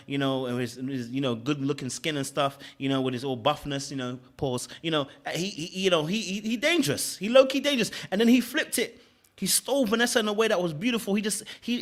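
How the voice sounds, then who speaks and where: Man, casual reality TV review, animated, frequent laughs, rhetorical questions, a bit high-pitched. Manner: animated, laughing, keeps asking "okay? all right?". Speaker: reality show commentator.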